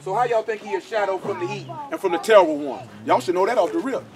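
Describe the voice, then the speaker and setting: Fast, high-voiced blunt male Bible teacher. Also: animated. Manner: blunt, slangy, fires rhetorical questions. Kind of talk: informal scripture teaching.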